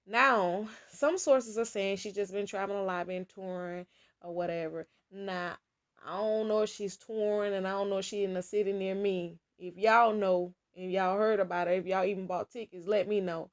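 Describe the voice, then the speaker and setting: A woman's voice: medium pitch, steady tone, normal speed. A woman vlogger chatting casually about celebrity gossip, talking straight to her viewers and laughing often.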